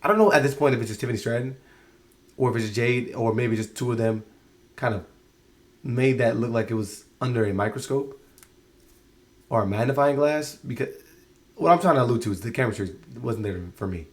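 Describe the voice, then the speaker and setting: A man's voice: mid-range voice, brisk, long pauses. A man giving a casual spoken review of a show, exasperated and rambling, often restarting his sentences.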